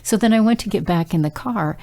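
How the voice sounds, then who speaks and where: A woman's voice: mid-range voice, a little fast, mellow. A middle-aged woman sharing a devotional message in an earnest, conversational way, telling stories with frequent fillers. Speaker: Christian prophetic speaker.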